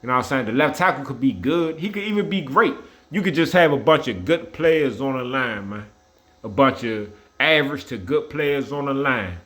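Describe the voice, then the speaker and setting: Blunt, swearing football fan ranting. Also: male voice, medium pitch, animated, normal speed, fairly bright tone. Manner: blunt, repetitive, trash-talking, swears often. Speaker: sports vlogger. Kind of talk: casual opinionated rant.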